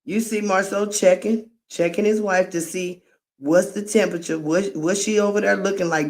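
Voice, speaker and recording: A woman's voice: mid-range voice, fairly even intonation, normal speed, a little mellow. A woman hosting a live reaction commentary, frank and exclaiming, with laughing asides. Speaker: host.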